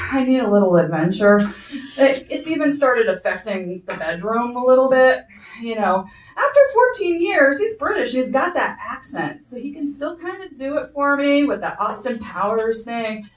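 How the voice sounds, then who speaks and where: A middle-aged woman with a high voice working through a chatty stand-up set. She pokes fun at herself and swears casually. The sound is echoey, with her voice a little off from the mic. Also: sing-song, normal speed, far from the mic. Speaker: first-time stand-up comic. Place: comedy club stage.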